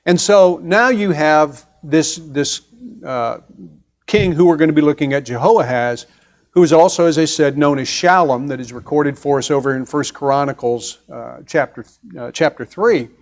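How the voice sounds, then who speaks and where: Man teaching a Bible class, slightly high. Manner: conversational, explains step by step with pauses and restarts; asks the class questions. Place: church classroom.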